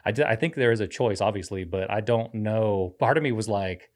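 A man's voice: on the low side, fairly quick, hardly any pauses. A man who is a pastor, telling a rambling story in casual podcast chat, teasing himself and laughing often.

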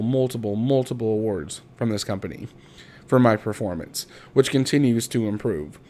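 A man in his thirties telling his own story in a personal monologue, halting and restarting his words, emotional and close to breaking. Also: mid-range voice. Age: 30s. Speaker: podcast host.

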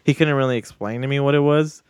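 A man's voice: mid-range voice, steady tone, quick pace, a little mellow, clean tone, no room sound. A man co-hosting a podcast, bantering loosely and casually with plenty of swearing. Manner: loose, profane, laid-back banter. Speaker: podcast co-host. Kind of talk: casual chat.

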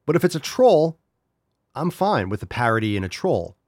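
A man hosting a podcast, talking in an exasperated, profane way straight to his listeners. His pitch sits in an ordinary middle range for a man. The sound is close and dry, with no room to it. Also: big pitch swings, moderate pace, darkish tone, no room sound. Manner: exasperated, swears freely, talks straight to his audience. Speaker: podcast host. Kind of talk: casual profane commentary.

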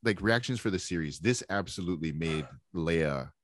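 Deep-voiced man rambling in a dry room. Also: animated, moderate pace, dry recording. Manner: rambling, filler-heavy, thinking aloud. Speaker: podcast co-host. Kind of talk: casual pop-culture review chat.

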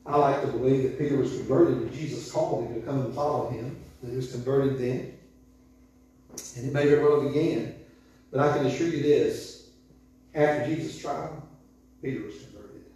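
A man in his sixties preaching an informal sermon in a conversational, animated way, chuckling often. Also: mid-range voice, moderate pace. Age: 60s. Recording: echoey room from far off.

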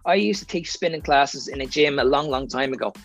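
A man's voice: medium pitch, brisk, soft background music. A man with an Irish accent, a fitness coach talking as a podcast guest, explaining training advice plainly from his own experience. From Ireland. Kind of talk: casual podcast chat.

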